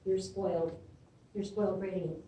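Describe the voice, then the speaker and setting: A woman's voice: fairly low pitch, steady tone, moderate pace, dark tone, a little hiss or hum. A middle-aged woman teaching a classroom lecture in a conversational way, often checking in with "okay?". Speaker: imaging instructor. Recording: echoey room from far off.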